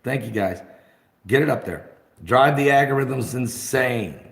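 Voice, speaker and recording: A man hosting an off-the-cuff live broadcast from his phone, rambling and excitable, bursting into shouts. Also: medium pitch, unhurried, vocal fry, roomy sound. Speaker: host of an online live broadcast.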